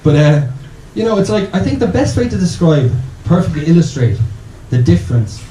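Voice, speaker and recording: Rambling Irish comedian, lively pitch. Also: male voice, brisk, echoey room, a little hiss or hum, rough recording. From Ireland. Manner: rambling, self-interrupting, animated. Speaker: stand-up comedian. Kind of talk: stand-up comedy set. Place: small bar venue.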